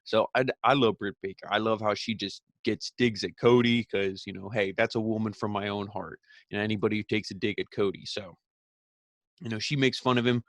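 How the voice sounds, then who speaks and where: A man's voice: lowish voice, steady tone, brisk, no echo. A man casually recapping a wrestling show, rambling and opinionated, with lots of fillers and restarts.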